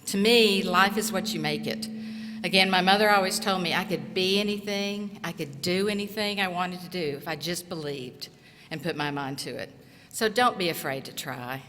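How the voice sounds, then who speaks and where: A middle-aged woman from southeast Tennessee giving an earnest, encouraging graduation speech at a podium microphone, in short, measured phrases. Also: lowish voice, fairly bright tone. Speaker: commencement speaker and college instructor. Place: large auditorium. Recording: echoey hall reverb.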